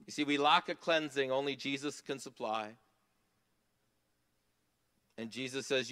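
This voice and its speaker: A man preaching a sermon in a church, earnest, rising to emphatic passages and dropping to soft asides. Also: medium pitch, a little slow, pauses often, clean tone. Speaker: pastor.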